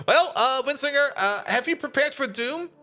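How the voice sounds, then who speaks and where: A man's voice: extremely high pitch, lively intonation, normal speed, pushed and bright, soft background music. A man streaming a game, chatting casually with viewers, laughing often and greeting them by name. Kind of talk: casual live-stream chat.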